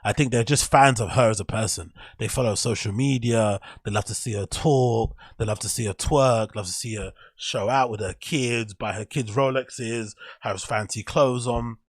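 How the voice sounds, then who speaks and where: A man's voice: medium pitch, normal speed, hardly any pauses, no echo. Man rambling on his opinions. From England. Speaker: show host. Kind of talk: solo podcast commentary.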